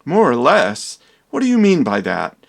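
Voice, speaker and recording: A man's voice: medium pitch, wildly swooping pitch, normal speed, vocal fry. A man playing a vain, dramatic young doctor in a comedy parody, with theatrical, exaggerated delivery.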